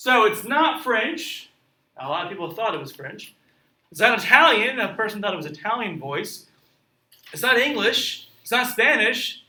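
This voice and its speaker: A man with a high, sing-song voice reads a story aloud at a moderate pace, sounding pushed and bright. He explains it in a chatty classroom manner and often asks his listeners questions. The recording has a roomy echo, with the mic set at a distance.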